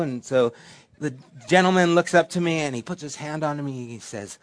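Pastor, hushed to emphatic. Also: male voice, a little high, brisk. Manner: preacherly, swinging from hushed to emphatic. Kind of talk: sermon.

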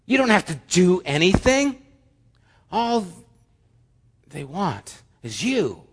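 A male pastor preaching a sermon, animated, swinging between loud emphasis and soft, hushed lines. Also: high-pitched, takes it slowly, big-room sound, a little hiss or hum.

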